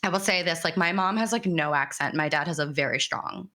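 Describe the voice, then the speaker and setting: A woman speaking in a casual panel discussion, animated and emphatic. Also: low-pitched, a little fast.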